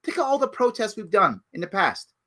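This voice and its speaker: A middle-aged man giving impassioned solo commentary as a talk show host, emphatic and preachy, dropping from outrage to low pleading. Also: big pitch swings, a little fast. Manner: emphatic and preachy, jumps from loud outrage to low hushed pleas.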